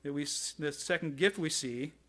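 A man's voice: on the high side, normal speed, bright, forceful tone. A middle-aged male pastor preaching a sermon, telling stories and acting out the voices of the people in them. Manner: storytelling, acts out quoted voices.

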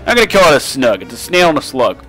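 A young man casually commenting on his gameplay as a let's play host, excitable and profane and often laughing, recorded on a desk microphone. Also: mid-range voice, fast, faint music behind.

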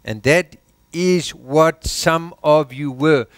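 A South African pastor preaching a sermon in church, exhorting with rhetorical questions and dropping his voice low for emphasis. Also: slow, clean tone, no echo.

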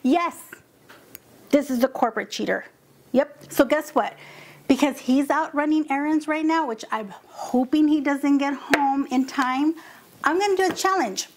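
This vlog host's voice sits high, a little mellow and unhurried, with slight background noise. Talking casually to camera in her home kitchen through a lapel mic, she acts out other people's lines while telling a story with mock-upset drama.

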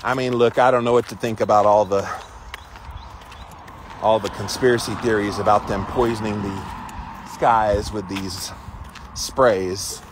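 A man's voice: on the low side, steady tone, a little slow, pauses often, background noise. Chatty man livestreaming outdoors. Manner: chatty, emphatic, greets viewers by name. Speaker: livestream host. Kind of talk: casual livestream chat. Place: outdoors near chickens. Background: chickens clucking.

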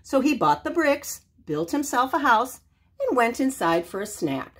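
An older woman reading a children's story aloud, expressive and animated. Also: fairly high pitch, a little slow, slightly rough.

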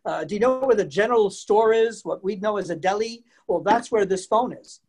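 A man's voice: high-pitched, brisk, breathy edge. A man giving a chatty virtual history lesson, laughing often and quizzing his audience. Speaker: museum program presenter. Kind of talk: lively virtual lesson for kids and families. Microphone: video call.

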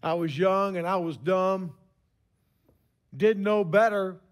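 A man in his sixties preaching a sermon, telling stories with emphatic pauses. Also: high-pitched.

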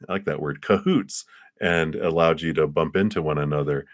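A man giving live tarot readings in a gentle, rambling way with playful asides. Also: a bass voice, moderate pace, no room sound, clean studio sound. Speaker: tarot reader.

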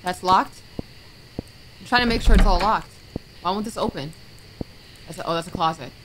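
Her voice is lowish and her pace moderate as this woman streams a horror game, with background noise behind her. During the let's-play commentary she reads the on-screen text, mutters item names and yelps in fright.

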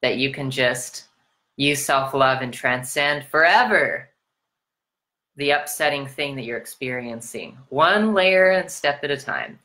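Deep-voiced, bright American woman preaching. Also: measured pace. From United States. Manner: preachy, repetitive rhetorical questions, swearing, big swings in pitch. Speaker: spiritual self-love coach. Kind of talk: motivational video sermon.

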